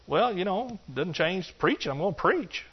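Animated male preacher, lo-fi sound. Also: moderate pace, slightly rough. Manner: animated, jokey, acts out excuses in a higher voice. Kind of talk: sermon. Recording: dull lo-fi sound.

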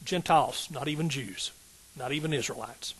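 A man's voice: medium pitch, normal speed, a bit bright, breathy edge, rough recording. A middle-aged man, a pastor preaching a sermon in an emphatic call-and-response style with rising outbursts.

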